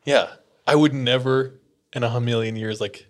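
A man's voice: medium pitch, steady tone. A man co-hosting a podcast, bantering and joking with filler-heavy casual speech. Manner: joking, quick banter with lots of "like". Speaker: podcast co-host. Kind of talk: casual chat.

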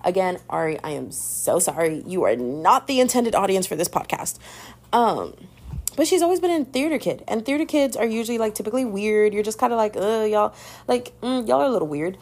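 A young woman hosting a podcast, chatting in a sassy, animated way about pop culture and calling the listener "babes.". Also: mid-range voice, a little fast. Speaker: podcast host. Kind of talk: casual pop-culture gossip commentary.

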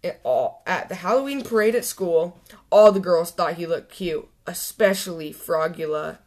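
A woman hosting a children's story channel, reading a picture book aloud clearly and expressively. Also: fairly low pitch, lively intonation, normal speed, a little mellow.

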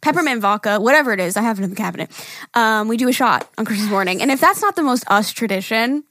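A woman's voice: on the high side, expressive, quick pace, fairly bright tone, dry recording. A woman co-hosting a podcast in casual chat, gushing and chatty, full of "like". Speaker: podcast co-host.

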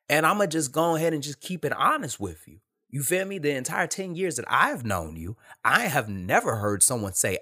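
This man's mid-range voice is sing-song, bright, and forceful, and he talks briskly as he hosts a podcast. His casual monologue is blunt and candid, full of street slang and emphatic repetition.

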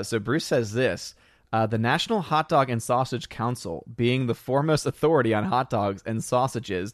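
A man's voice: mid-range voice, fairly bright tone, dry recording, studio quality. A man hosting a casual podcast, reading out chat comments, rambling and laughing often.

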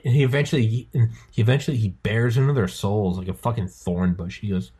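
A man's voice: fairly low pitch, fast talker, hardly any pauses, a little mellow, breathy edge. A man hosting a podcast in casual chat, rambling through stories, swearing and acting out quotes in a raised voice. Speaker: podcast host.

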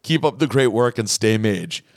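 A man's voice: lowish voice, expressive, moderate pace, creaky, no echo, studio quality. A man hosting a podcast in casual chat, animatedly reading listener emails aloud. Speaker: podcast host.

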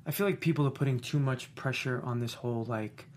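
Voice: mid-range voice, fairly quick, a little hiss or hum. Laid-back interviewer asking questions. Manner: relaxed, slangy, brief agreeing replies. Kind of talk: casual interview chat.

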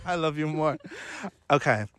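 A man's voice: on the high side, normal speed, fairly bright tone. Joking young man hosting a podcast. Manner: joking, blunt, swears casually. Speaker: podcast host. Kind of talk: casual podcast chat.

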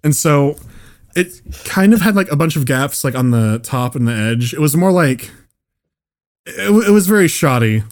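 A man's voice: on the high side, animated, moderate pace. A man telling a long story on a casual comedy podcast, rambling and restarting sentences, swearing and laughing as he goes. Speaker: podcast co-host.

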